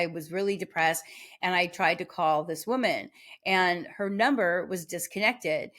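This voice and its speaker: Woman telling a rambling personal story. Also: fairly low pitch. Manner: rambling, with many restarts and filler words; animated, acts out the voices in her story. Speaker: podcast host.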